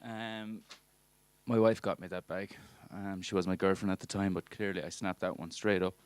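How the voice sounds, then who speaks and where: Male stand-up, 30s, lowish voice, dry pedantic know-it-all delivery. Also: flat delivery, moderate pace, smooth. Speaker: stand-up comedian and marine biologist. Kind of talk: stand-up comedy set. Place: comedy club stage before a live audience.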